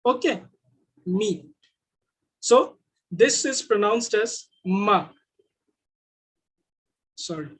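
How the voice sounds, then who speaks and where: A man with an Indian English accent teaching Mandarin sounds in an online class, repeating each sound slowly. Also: high voice, lively intonation, slightly rough.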